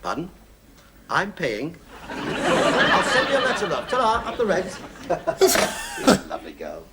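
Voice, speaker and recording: Sitcom: a teasing English newcomer, high and bouncy, loud audience laughs behind. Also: male voice, huge pitch swings, takes it slowly, over a noisy crowd, very noisy, full character voice. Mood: chatty. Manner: jokey, teasing. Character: cheeky English man newly moved to Australia.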